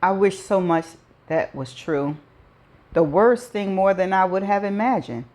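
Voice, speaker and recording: A woman's voice: mid-range voice, animated, a little slow, darkish tone. A woman host reading a first-person novel aloud, dropping in her own chatty asides.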